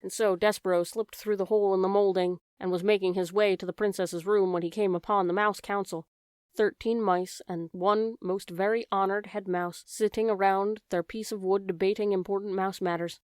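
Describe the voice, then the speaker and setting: A woman narrating a children's audiobook in a gentle way, speaking directly to the reader. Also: medium pitch, steady tone, normal speed, clean tone, no room sound, studio quality.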